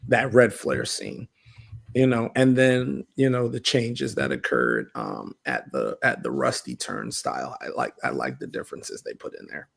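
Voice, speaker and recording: A man's voice: a bass voice, steady tone, a little slow, gravelly, a bit bright, slightly rough. A man on a podcast livestream, speaking hesitantly with many fillers. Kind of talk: casual livestream chat.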